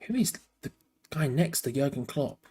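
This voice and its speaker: A man's voice: mid-range voice, expressive, normal speed, mellow, slightly rough. Tired man doing fan match commentary. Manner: rambling and frank, cutting between play-by-play and asides. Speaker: host of a fan channel watch-along. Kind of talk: live fan match commentary with casual chat.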